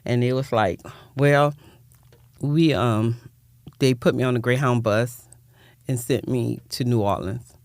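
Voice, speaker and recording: Older woman, gravelly voice, heartfelt and rambling, close dry mic. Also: extremely low pitch, unhurried, long pauses, darkish tone, no echo. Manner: rambling, heartfelt, repeats words. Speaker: guest, nonprofit founder. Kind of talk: personal storytelling in interview.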